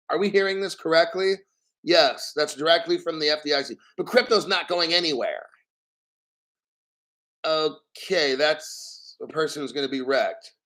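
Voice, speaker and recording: A man hosting a crypto channel, ranting bluntly and profanely about banks and the platform while reading out an article, often clearing his throat. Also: on the high side, fairly bright tone.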